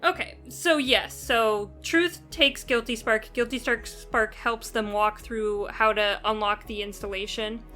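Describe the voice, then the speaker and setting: A woman co-hosting a casual podcast chat, animated and playfully acting out characters as she recaps. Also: fairly high pitch, measured pace, hardly any pauses, faint music behind. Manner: animated, acts out characters with exaggerated quips. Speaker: podcast co-host.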